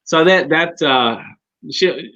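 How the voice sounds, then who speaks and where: A man's voice: fairly high pitch, slow, sharp tone, low-quality recording. A man co-hosting a casual talk show, chatting loosely with frequent laughs and restarts. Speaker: podcast co-host. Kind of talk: casual chat.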